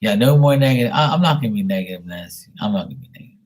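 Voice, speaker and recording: A man with a husky, fairly low voice hosts a late-night livestream. He rambles in a chatty, teasing way and talks to his viewers by name. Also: animated, very fast, darkish tone. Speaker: livestream host reading paid questions.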